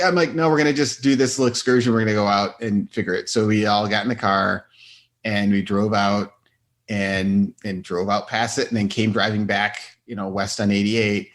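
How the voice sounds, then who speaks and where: Animated, low-voiced man telling stories. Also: normal speed. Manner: animated storyteller, acts out quotes with laughs. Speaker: doctor, podcast guest. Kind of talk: casual interview chat.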